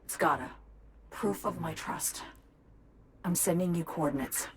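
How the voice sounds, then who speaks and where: A woman as a hushed, guarded young hacker. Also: lowish voice, measured pace, a crowd in the background, natural voice. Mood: urgent. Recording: game audio with background noise.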